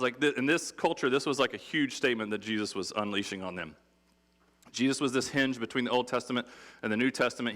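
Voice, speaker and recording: A man preaching a sermon in a relaxed, conversational and humorous way, acting out quotes. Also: mid-range voice. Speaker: pastor. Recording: long hall reverb.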